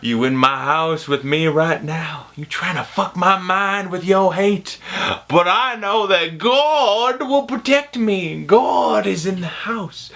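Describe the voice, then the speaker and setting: A man voicing a devout older woman who preaches at a devil in a shrill, drawn-out cadence. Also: fairly bright tone, heavily acted.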